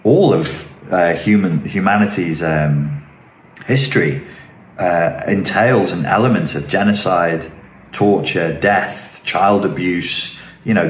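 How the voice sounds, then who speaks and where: Low-voiced man musing in a roomy space. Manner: earnest, digressive, rising to emphatic rhetorical questions. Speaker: philosophy channel host. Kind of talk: reflective monologue. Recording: roomy echoing room.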